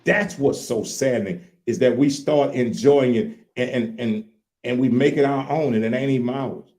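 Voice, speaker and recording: A man, co-hosting a casual chat in a folksy, animated way. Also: mid-range voice, normal speed. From Louisiana. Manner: animated, repeats "look here", folksy. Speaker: co-host.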